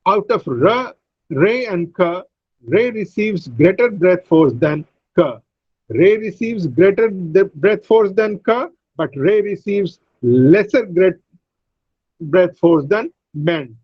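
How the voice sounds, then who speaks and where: Slow, husky teacher. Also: male voice, sits high, no echo, highs cut off. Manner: explains slowly, repeats words, uses frequent fillers. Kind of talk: online English phonetics lecture. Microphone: video call.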